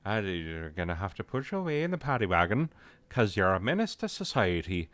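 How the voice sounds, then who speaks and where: A man's voice: fairly low pitch, big pitch swings, fairly quick, fairly bright tone, no echo. A man putting on a stereotyped, blustery Irish beat cop with a thick comic brogue and a mock-stern manner.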